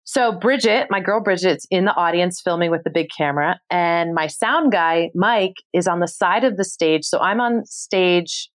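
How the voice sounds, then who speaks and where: A woman in her thirties from New York City, a podcast guest telling a story with expressive energy and casual swearing. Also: on the low side, normal speed, hardly any pauses. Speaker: podcast guest, travel show host. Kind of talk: animated storytelling.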